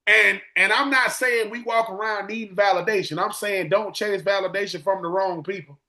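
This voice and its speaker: A man in his forties, a former football player telling animated stories on a casual podcast, acting out quotes and repeating words. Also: sits high, normal speed. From Swainsboro, Georgia.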